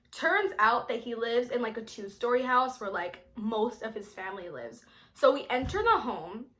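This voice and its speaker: Young New woman, bright, sharp voice, chatty storyteller who curses freely. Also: fairly high pitch, low-quality recording. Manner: animated, swearing, heavy filler "like". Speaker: vlogger. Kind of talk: storytime vlog.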